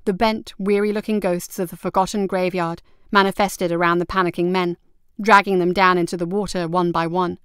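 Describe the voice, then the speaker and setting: Woman narrator, storybook reading, measured, crisp clear tone, dry close mic. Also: on the low side, little pitch movement, fairly bright tone, no room sound. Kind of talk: scripted narration.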